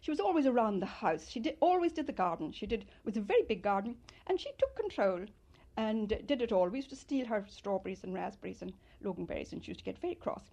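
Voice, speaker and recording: A woman's voice: mid-range voice, fast talker. An older woman reminisces in an interview, her voice rising and falling a lot as she tells her stories. She speaks with fond animation. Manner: fond, animated storytelling with loud mimicry.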